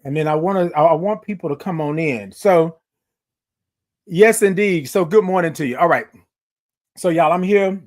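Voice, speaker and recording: A man hosting a morning livestream from his phone, chatting with viewers, reading out their comments and stretching his good-mornings into long singsong calls. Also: on the high side. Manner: animated, drawn-out singsong greetings, reads out viewer comments. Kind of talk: upbeat live-stream chat greeting viewers.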